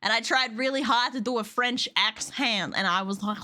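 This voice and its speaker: A young adult woman chatting casually on a livestream, excitable, laughing often and swearing freely. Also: on the high side, moderate pace. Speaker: streamer.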